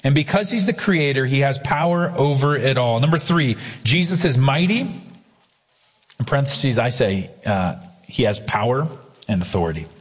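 A man preaching a sermon, earnest, slowing down hard to stress key lines. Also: mid-range voice, sing-song, husky, in a large hall. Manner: earnest preaching with slow emphatic quotes. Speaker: pastor.

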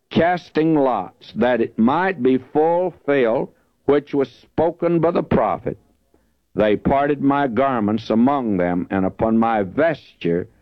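Male preacher, low voice, earnest Bible teaching, dry muffled lo-fi tape. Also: no echo. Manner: earnest, emphatic, lifts his voice when reading scripture. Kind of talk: verse-by-verse Bible teaching sermon. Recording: dull lo-fi dry recording.

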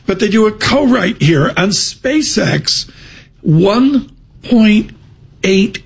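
A man hosting a morning show, trading casual on-air banter with joking, quick asides. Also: high-pitched, animated, creaky, breathy edge.

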